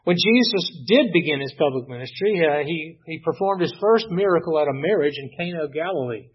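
A man preaching a sermon, retelling a Bible story in an unhurried way with many pauses and "uh"s. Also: on the high side, animated, husky. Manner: unhurried storytelling, frequent "uh" and restarts. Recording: dull lo-fi recording.

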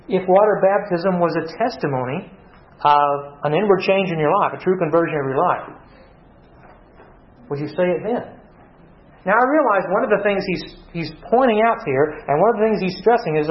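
A man's voice: high voice, animated, a little fast, reverberant, muffled recording. A man teaching a Bible study, reading verses aloud and putting questions to his listeners, often restarting his phrases. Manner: asks the audience questions, repeats and restarts. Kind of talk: interactive Bible study sermon.

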